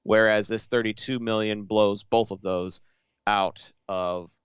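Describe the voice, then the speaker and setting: A man co-hosting a casual podcast, telling stories with lively quoted asides. His voice is smooth and clear, recorded dry on a close mic. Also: on the low side, measured pace, no room sound, muffled recording. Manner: storytelling, animated retelling with quoted asides. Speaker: podcast co-host. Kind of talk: casual chat.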